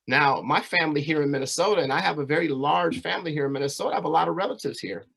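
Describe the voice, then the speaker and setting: Rapid-fire and a little high, this Californian man's voice is gravelly, husky, and a bit bright. Speaking to a community audience, he shares a personal story earnestly and conversationally, frequently adding "right?" and "you know."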